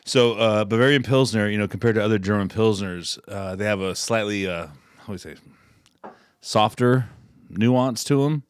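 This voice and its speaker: A man's voice: lowish voice, moderate pace, clear, resonant tone, no echo, clean studio sound. A man co-hosting a podcast in casual chat, joking and swearing freely. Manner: swearing, joking, loose banter. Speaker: podcast co-host.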